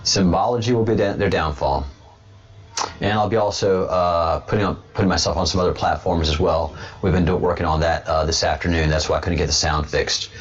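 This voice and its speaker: A man's voice: deep voice, steady tone, fairly quick, slightly rough. A man hosting a casual livestream who rambles, repeats himself and restarts sentences often. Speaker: host of a livestream show. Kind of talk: casual political livestream commentary. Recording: dull lo-fi webcam sound.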